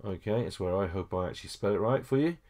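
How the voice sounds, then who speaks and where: A man's voice: fairly low pitch, expressive, quick pace, mellow. A man teaching a French lesson over a screen recording, explaining each step patiently with frequent okays and small hesitations.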